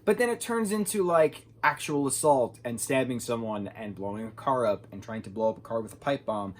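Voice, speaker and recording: Casting note: young male film reviewer, husky voice, loose rambling delivery. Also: mid-range voice, expressive, brisk. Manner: rambling, says "like" a lot.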